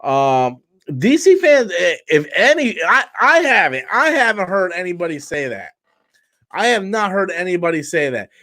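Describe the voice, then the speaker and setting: Tired male stream host, higher-pitched voice, blunt and profane, rambling casual rant. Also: big pitch swings, moderate pace, sharp tone, dry recording.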